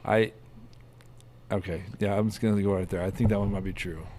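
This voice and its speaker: Male podcast host, low voice, jokey, faint background noise. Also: steady tone, dark tone. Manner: joking, quick to laugh. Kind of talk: casual podcast chat.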